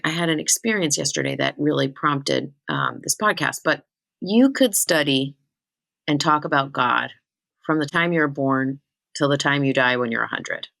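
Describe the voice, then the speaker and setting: A woman hosting her own spiritual podcast, talking in a chatty, animated and self-teasing way. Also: sits low, gravelly, dry recording. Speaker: spiritual medium and podcast host. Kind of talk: casual solo podcast talk.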